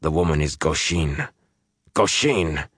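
A man doing a stern, flat-voiced warrior. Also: a bass voice, takes it slowly, husky, no room sound, clean studio sound, heavily acted. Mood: angry. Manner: flat, clipped. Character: stern desert warrior man, terse and proud.

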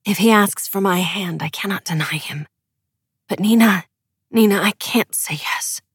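A woman's voice: mid-range voice, steady tone, fairly quick, slightly rough, no room sound, clean studio sound. A woman voicing a scared, lost young woman in a whispered role-play within an audiobook.

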